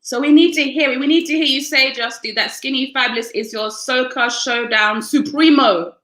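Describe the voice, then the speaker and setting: A woman's voice: high-pitched, moderate pace, fairly bright tone, roomy sound. A woman radio host chatting with a guest in a bubbly, self-mocking way, often apologizing and laughing at herself. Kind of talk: casual live-stream interview.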